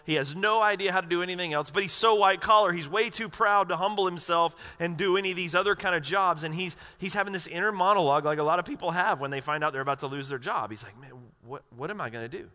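A man's voice: high-pitched, fast talker, few pauses, bright, forceful tone. A male pastor preaching a sermon in a casual, conversational way, acting out inner monologues. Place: church sanctuary. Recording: long reverb of a large hall.

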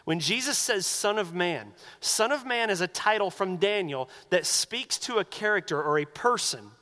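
A man preaching a sermon as pastor, animated and acting out the voices he quotes. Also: high voice, in a large hall.

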